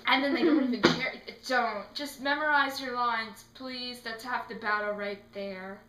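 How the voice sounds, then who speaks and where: A teenage girl answering interview questions in a casual, animated way, acting out little scenes as she talks. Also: on the high side, moderate pace, few pauses. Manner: animated, acts out quotes in put-on voices. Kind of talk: casual chat. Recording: echoey room.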